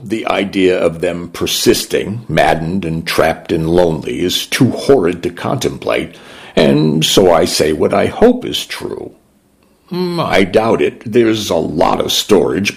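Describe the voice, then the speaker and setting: A man narrating a first-person story in a measured, gentle, reflective way. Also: low voice, vocal fry, husky.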